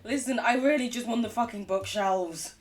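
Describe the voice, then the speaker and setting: A woman's voice: on the high side, normal speed, far from the mic. A woman game streamer chatting casually and rambling as she plays, laughing often. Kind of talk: casual gaming chat.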